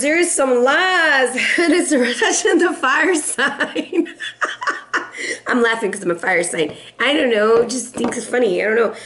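Sassy high-voiced woman reading tarot. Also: a bit bright. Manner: sassy, playful, laughs often. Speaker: tarot reader.

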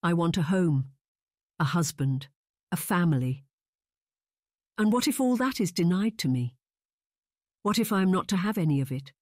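A woman's voice: on the low side, expressive, moderate pace, long pauses, darkish tone, dry recording, studio quality, natural voice. A woman narrator voicing a tearful, emotional young woman who wails and pleads, in an audiobook reading. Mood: pleading. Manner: wailing, pleading.

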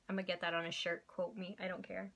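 A young woman hosting a casual vlog, telling a long, animated story and acting out the people in it. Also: on the low side. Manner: animated, chatty, quotes people in little voices. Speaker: vlog host.

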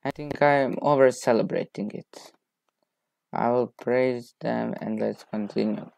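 A man talks through a football management game he is playing. He drawls along slowly, then breaks into excited shouts of player names at big chances. His voice sits dry and close to the mic. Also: mid-range voice, creaky, dry recording. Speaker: gaming video creator.

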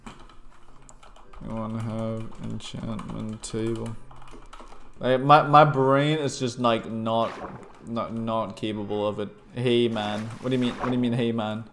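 A man's voice: on the low side, steady tone, slow pace, slight background noise. Stammering, swearing young male gamer. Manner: stammering restarts, swearing, grumbling. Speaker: streamer. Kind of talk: casual gaming commentary.

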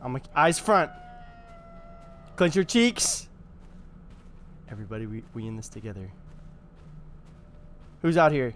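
A young man casually commenting on a horror game, excitable and slangy, talking straight to his viewers. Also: medium pitch, unhurried, pauses often. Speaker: gaming YouTuber.

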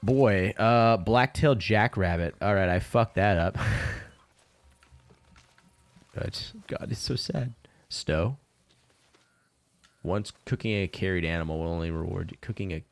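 Man, very low-pitched voice, game streamer, casual commentary, laid-back, swears a lot, chuckles often. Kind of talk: casual let's-play commentary.

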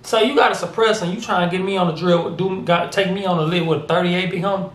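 A man hosting a music reaction video, talking in an animated, slangy way and calling the artist bro and big homie. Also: sits high, fast, echoey room. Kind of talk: casual reaction commentary.

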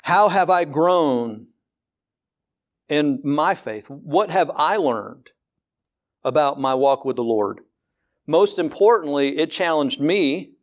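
This pastor's sermon comes in a fairly high, lively voice that stays candid and chatty. He leans on repeated words and slower stretches for emphasis, punctuated by rhetorical questions that rise in pitch.

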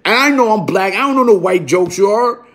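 A man telling a rough, profane story in a casual, animated way, punctuated by "you heard?". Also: high voice, brisk. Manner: animated, repeats "you heard?", bursts into shouting.

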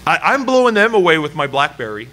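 Bright-voiced man telling a sermon story. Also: a little high, quick pace. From Canada. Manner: animated, self-deprecating storytelling with laughs. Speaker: pastor. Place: church service.

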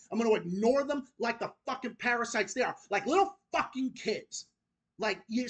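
A man's voice: very high voice, a bit bright. Guy ranting mad at his commenters, cussing nonstop, keeps repeating himself. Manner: profane, repetitive, heated ranting. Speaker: vlogger. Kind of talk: angry rant to camera.

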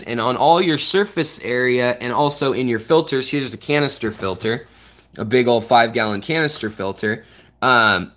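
A man of middling pitch hosts a casual aquarium tutorial. He rambles, restarts sentences and fills gaps with "um", pointing at the tank beside him indoors as he explains. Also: fairly bright tone. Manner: loose and rambling, with frequent fillers and restarts; shows and points at parts of the tank while explaining. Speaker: aquarium channel host.

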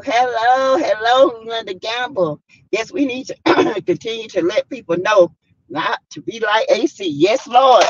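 With a husky, mid-range voice, this Southern-accented woman hosts a casual YouTube live stream, reading out viewer comments, calling viewers by name, and laughing a lot with plenty of sass. The recording sounds muffled.

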